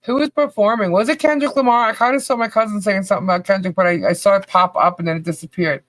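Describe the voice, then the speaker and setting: A fast-talking woman with a medium-pitched voice co-hosts a podcast livestream. She chats casually, laughs a lot, and keeps things loose and jokey while reading out viewers' names one at a time to greet them.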